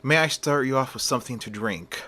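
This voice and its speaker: A man voicing an attentive, formal waiter who speaks politely in a softer voice. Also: mid-range voice, fairly quick.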